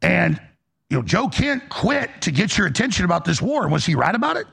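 A man's voice: high voice, big pitch swings, brisk, gravelly, a bit bright, slightly rough. A man ranting as a political commentator in a heated, exasperated monologue, blunt and profane.

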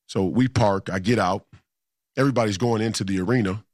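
A man's voice: lowish voice, brisk, darkish tone, dry recording, studio quality. A man in a casual storytelling monologue, emphatic and combative, repeating himself for effect. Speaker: political commentator.

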